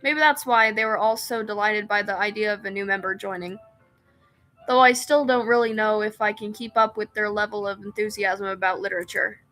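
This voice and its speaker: A woman's voice: mid-range voice, fairly even intonation, a little fast, a bit bright, faint music behind. A woman streamer reading a visual novel aloud, narrating in first person and breaking off into giggly, self-mocking asides.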